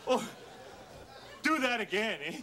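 An excitable Canadian hoser. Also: male voice, very high-pitched, measured pace, crowd noise, background noise, full character voice. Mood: dopey. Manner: excitable, drawling, ends lines with "eh". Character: goofy Canadian hoser sidekick, excitable, beer-loving.

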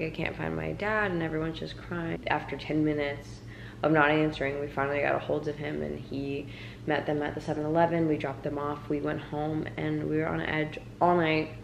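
A woman's voice: sits low, creaky, reverberant, slight background noise, low-quality recording. A young woman vlogging, retelling her story with many fillers. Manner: quiet, subdued retelling. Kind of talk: storytime vlog.

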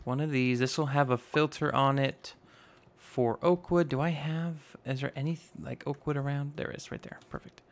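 A man in his twenties with a slightly raspy voice, casually narrating a building game and rambling as he goes. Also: medium pitch, fairly even intonation, moderate pace. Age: 20s. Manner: rambling, self-teasing, narrates each step aloud. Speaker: gaming YouTuber. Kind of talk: casual Minecraft let's play commentary.

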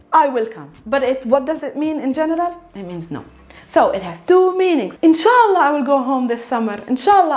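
A lively, high-voiced Palestinian woman teaches an Arabic lesson. She repeats words slowly for learners and checks in with "yeah?"

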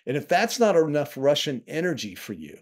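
A man's voice: on the high side, big pitch swings, a little fast. A man talking casually to camera from his home office as a travel vlogger, sarcastic and indignant.

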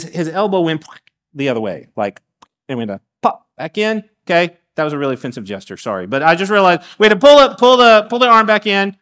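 Animated middle-aged man preaching. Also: fairly high pitch. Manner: animated, with frequent restarts and acted-out asides. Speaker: guest preacher. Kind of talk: sermon. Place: church sanctuary.

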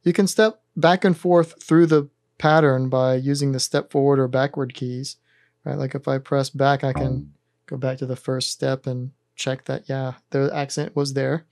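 A calm man walks through a hardware synth tutorial one button at a time, with a methodical, patient pace of explanation. His voice sits at an ordinary middle pitch. The sound is dry and close, with no room around it. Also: moderate pace, creaky, dry recording. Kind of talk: step-by-step instructional demonstration.

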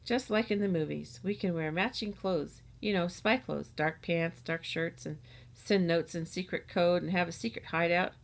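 A dreamy little schoolgirl muses softly about spy clothes and secret codes, as a woman gives her voice. The tone is low and gentle, kept in a storybook reading. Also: normal speed, vocal fry.

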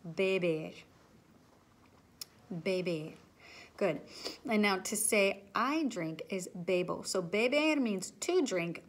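A woman teaching children, speaking patiently and pausing so they can repeat each word after her. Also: medium pitch, lively intonation. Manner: slow, patient, drills words and waits for repeats. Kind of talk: recorded classroom lesson, call and repeat.

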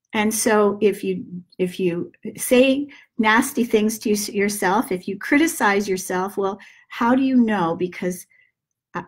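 A middle-aged woman giving a gentle self-help talk, slowly guiding breaths and repeating calming mantras. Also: a little high. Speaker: manifesting teacher.

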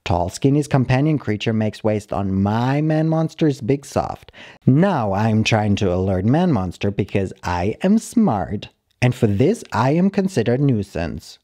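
A man calmly reading a short story aloud, narrating in the plain, halting voice of a dog. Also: on the low side. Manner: calm, measured reading of a dog's broken-English narration. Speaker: story reader.

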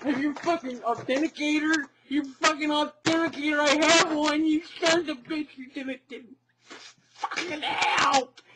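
A man's voice: extremely high pitch, steady tone, unhurried, noisy background. An actor playing a tearful young male gamer who rants and curses while crying. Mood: raging. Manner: sobbing rant full of cursing.

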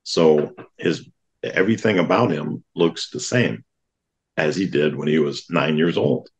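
A man, a guest on an interview podcast, telling a personal story with lively acted-out quotes of other people. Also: rumbling low, measured pace. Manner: animated storyteller who acts out quoted voices.

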